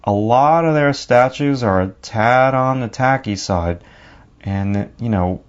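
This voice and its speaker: A man's voice: mid-range voice, slow, lo-fi sound. A man with a New York accent narrating a drawing lesson, talking casually and thinking aloud as he works. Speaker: drawing teacher.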